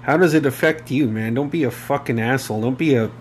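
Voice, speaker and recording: A man's voice: medium pitch, fast talker, a little hiss or hum. A man in his thirties hosting a casual solo podcast, rambling and emotional, swearing freely and using many fillers. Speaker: podcast host.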